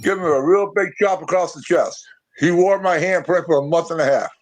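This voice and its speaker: Blunt wrestler man, slightly high voice. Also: brisk, slight background noise, low-quality recording. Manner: blunt, calls people brother. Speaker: guest, pro wrestler. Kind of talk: casual interview chat.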